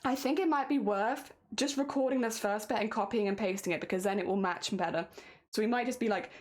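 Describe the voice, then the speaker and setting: A woman's voice: mid-range voice, quick pace. A woman streaming as she records and edits a song cover, chatting casually, laughing at herself and talking through each step. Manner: giggly and self-deprecating, narrating each editing step. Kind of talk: casual livestream chat while editing audio.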